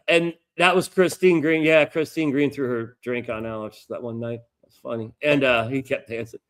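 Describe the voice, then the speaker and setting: A middle-aged American man, a podcast co-host, telling a long story in a rambling, profane, animated way. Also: medium pitch, moderate pace. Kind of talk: casual storytelling chat.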